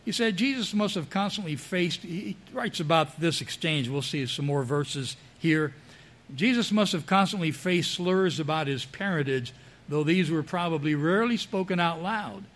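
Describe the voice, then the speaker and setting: A man's voice: fairly high pitch, animated, moderate pace, fairly bright tone. A man preaching a sermon, reading scripture verses aloud and commenting between them.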